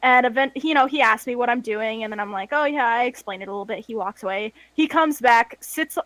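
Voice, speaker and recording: Bright, high-voiced young woman telling stories. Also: fairly quick, no echo, rough recording. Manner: lively storytelling, laughs easily. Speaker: player in an online tabletop game. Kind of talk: casual chat.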